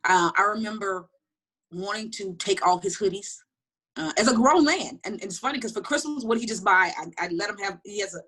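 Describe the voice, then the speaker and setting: Fast-talking husky middle-aged woman. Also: mid-range voice. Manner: fast, animated storytelling with frequent restarts. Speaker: interview guest. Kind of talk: candid personal storytelling.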